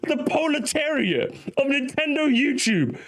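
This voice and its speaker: With a very high-pitched, fairly bright voice full of big pitch swings, this young commentary host rants, mocks and swears through a reaction video, laughing along the way. He takes his time, speaking unhurriedly.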